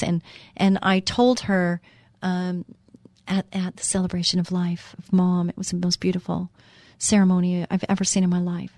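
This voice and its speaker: Earnest faith talk-show hostess. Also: female voice, fairly low pitch, level tone, normal speed, darkish tone, no echo, clean studio sound. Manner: earnest and heartfelt, with frequent fillers and restarts. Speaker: radio show host. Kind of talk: inspirational Christian talk.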